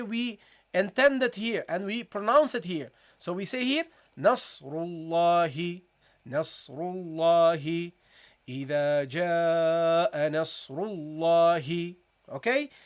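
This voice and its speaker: A recitation teacher runs a live online tajweed lesson in a mid-pitched voice. The teacher drills each syllable slowly and repeats every rule. The teacher also keeps addressing viewers as "guys" and urges them to answer in the chat. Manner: repetitive, keeps calling the audience "guys"; asks for chat responses, encouraging.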